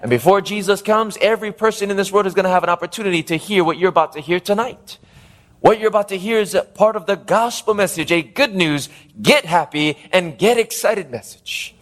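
Emphatic high-voiced male preacher. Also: a bit bright. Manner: emphatic, call-and-response questions to the congregation; slows down and stretches key phrases for emphasis. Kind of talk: evangelistic sermon.

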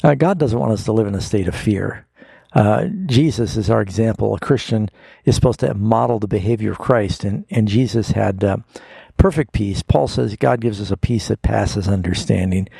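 A middle-aged man, a pastor hosting a radio Bible call-in show, earnestly explaining scripture and slowing down to read verses aloud. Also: lowish voice, gravelly, mellow, husky, dry recording.

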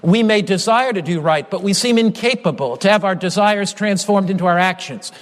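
High-voiced male preacher in a reverberant hall. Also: a little fast. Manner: emphatic, repetitive preaching cadence. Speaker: pastor. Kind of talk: sermon.

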